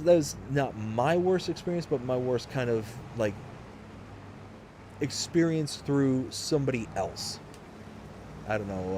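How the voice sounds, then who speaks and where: A man's voice: medium pitch, background noise. A man around thirty, a livestream host telling a story in a rambling, chatty way with frequent restarts. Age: late 20s to early 30s. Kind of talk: casual storytelling while streaming a game.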